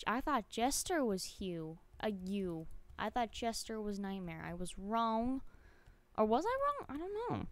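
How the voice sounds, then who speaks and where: A woman livestreaming a game, chatting with viewers in an excitable way and often laughing at herself. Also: fairly high pitch, no echo. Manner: chats to viewers while playing. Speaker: streamer. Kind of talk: live game stream chat.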